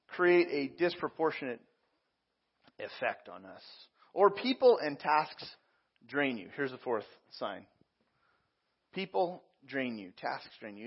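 A man's voice: medium pitch, very animated, unhurried, pauses often, husky. Conversational male pastor, slightly muffled recording. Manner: conversational, with frequent repeats and fillers. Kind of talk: sermon.

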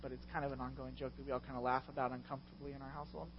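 A middle-aged man preaching a sermon as a pastor, passionate and confessional, with loud swells. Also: mid-range voice, flat delivery, racing, lo-fi sound, slight background noise. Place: church.

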